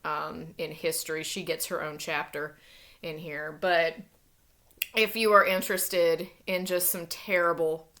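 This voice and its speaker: A woman's voice: low voice, steady tone, a little slow, a bit bright. A woman librarian chatting casually about a book, amused, with plenty of fillers and restarts.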